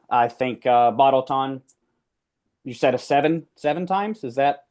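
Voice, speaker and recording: Male player, mid pitch, rambling speechmaker. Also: a little slow, a little mellow. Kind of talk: tabletop role-play.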